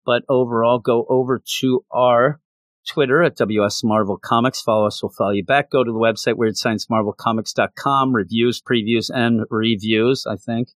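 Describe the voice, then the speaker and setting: A male podcast host chatting casually in a mid-pitched voice, joking and poking fun at himself as he rambles. He is close to the mic in a dry, dead room. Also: fairly even intonation, moderate pace, no room sound. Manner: rambling, self-deprecating, jokey. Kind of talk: casual chat.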